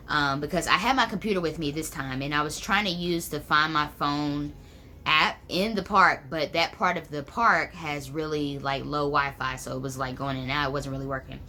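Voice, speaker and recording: A woman's voice: low-pitched, bright, forceful tone, slight background noise. A young woman telling a personal story to camera, chatty and full of "like" and "um". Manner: chatty, many fillers like "like" and "um". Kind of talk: casual storytelling.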